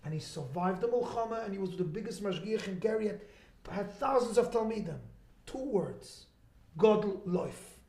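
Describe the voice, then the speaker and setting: Fervent high-voiced man. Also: animated, moderate pace, a little mellow, reverberant. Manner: dramatic, fervent. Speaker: event speaker. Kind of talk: impassioned storytelling and fundraising appeal. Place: live charity event.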